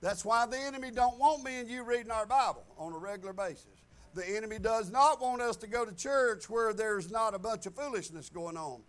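A pastor preaching a folksy sermon to his congregation, moving between loud declarations and quiet asides. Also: sits high, a little fast. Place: church sanctuary.

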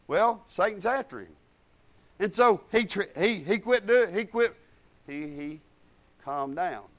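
Man preaching, high and smooth-voiced, folksy storyteller who gets loud and emphatic.

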